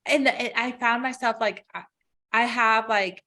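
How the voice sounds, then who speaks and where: A woman's voice: on the high side, unhurried, a loud crowd. A woman in her thirties chatting casually about motherhood, rambling and saying "like" constantly. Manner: rambling, heavy use of "like". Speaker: podcast co-host. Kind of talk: casual chat.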